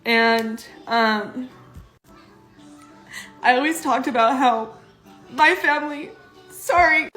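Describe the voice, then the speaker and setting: A young woman speaks straight to her camera, earnest and apologetic, fighting back tears. Her voice sits a little high. The room rings with echo, and soft music plays underneath. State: tearful, on the verge of crying. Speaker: social media poster. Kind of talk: emotional vlog to camera.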